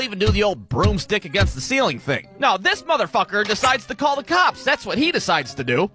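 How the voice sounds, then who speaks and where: A young man telling a comedic story from his own life, swearing often and acting out the people in it. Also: sits high. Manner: profane, animated, acts out voices.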